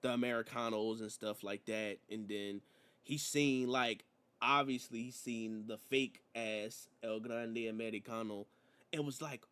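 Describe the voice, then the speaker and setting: A man's voice: mid-range voice, measured pace, clean tone. A man reviewing a wrestling show in a slangy, rambling, casual chat. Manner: slangy, rambling, animated storytelling.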